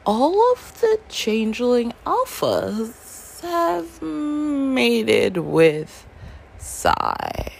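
A woman's voice: fairly high pitch, wildly swooping pitch, extremely slow, vocal fry. A woman reviewing a book in casual chat, talking animatedly and acting out reactions in little quoted voices. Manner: chatty, acts out readers' reactions in quoted voices.

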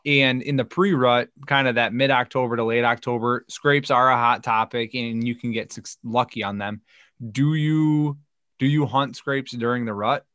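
Smooth-voiced podcast host, dry sound. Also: male voice, medium pitch, dry recording. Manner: relaxed, chuckling, asks questions. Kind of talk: casual podcast chat.

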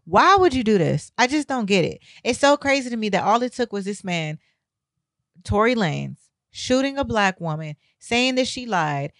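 A woman's voice: medium pitch, no echo. A woman vlogging a heated opinion rant, talking bluntly with heavy swearing and exasperated emphasis.

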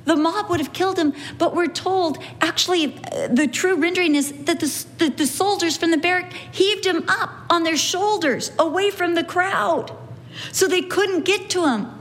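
A woman's voice: extremely high pitch, moderate pace. A woman giving an earnest Bible teaching, repeating key phrases for emphasis and acting out quoted lines.

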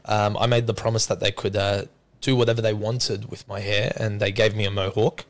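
A man hosting a casual podcast, hoarse after losing his voice, joking and lively. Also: fairly low pitch, fairly quick. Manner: joking, animated storyteller. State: hoarse from lost voice. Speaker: podcast host. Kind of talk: casual chat.

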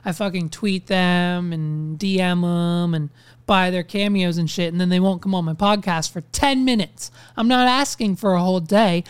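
A young man rants his way through a casual podcast monologue, swearing freely as he talks. His voice comes through smooth and resonant, recorded close and dry with no room sound. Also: high voice, no room sound. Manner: ranting, profane, animated storytelling. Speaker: podcast host.

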